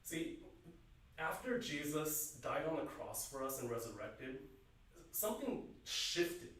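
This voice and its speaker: A man preaching a youth sermon in earnest, asking his listeners questions and swinging between loud emphasis and quiet, hushed lines. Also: a little high, sing-song, takes it slowly. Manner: asks the listeners repeated questions. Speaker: youth pastor. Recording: very echoey room, voice from some distance.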